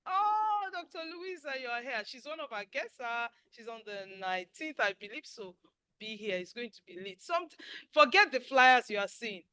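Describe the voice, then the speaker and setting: A woman in her sixties delivering a motivational webinar talk with preachy emphasis. Her voice is bright and sits a little high, sometimes sinking toward a hush. It comes over a video call in a dry, close sound. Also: big pitch swings, moderate pace, no room sound, low-quality recording. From Nigeria. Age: 60s. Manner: preachy, emphatic, drops to near whisper at times. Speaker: webinar host and life coach.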